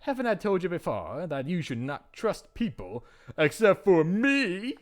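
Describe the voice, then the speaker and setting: A man voicing a secretive, possessive mother who cautions her daughter in a low, controlling manner. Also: sing-song, unhurried, soft background music.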